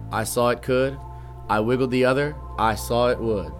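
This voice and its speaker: A man's voice: mid-range voice, moderate pace, faint music behind. Man reading a rhyming storybook. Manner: steady, rhythmic rhyming delivery. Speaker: guest reader, band musician. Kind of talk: reading a rhyming children's book.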